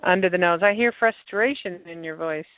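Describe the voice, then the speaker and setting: Calm woman coaching a tapping session. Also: lowish voice, moderate pace, no room sound. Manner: calm, coaching, gives step-by-step prompts. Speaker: tapping practitioner and podcast host. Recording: dull, lo-fi sound.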